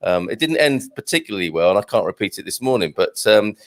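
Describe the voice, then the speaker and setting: A man's voice: fairly low pitch, animated, quick pace. A middle-aged man hosting a casual live stream, joking and reading out viewer comments. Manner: jokey, reads out viewer comments. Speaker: show host.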